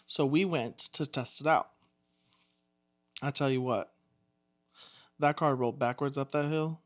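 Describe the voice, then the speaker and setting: A man's voice: mid-range voice, fairly even intonation, measured pace. A man co-hosting a podcast, telling a story in a chatty, easygoing way. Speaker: podcast co-host. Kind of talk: casual chat.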